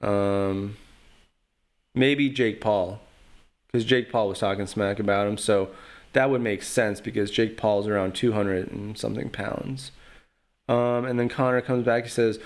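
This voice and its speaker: A podcast host delivers casual solo commentary, rambling and trash-talking with lots of fillers like "you know." His voice is on the low side, with fairly even intonation and a slightly slow delivery.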